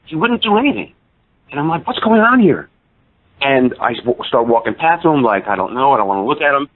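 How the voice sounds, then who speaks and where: A man's voice: mid-range voice, big pitch swings, fast talker. A man in his fifties, a podcast guest, telling a story casually and acting out the people he quotes with shifts in his voice. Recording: tinny phone-line sound.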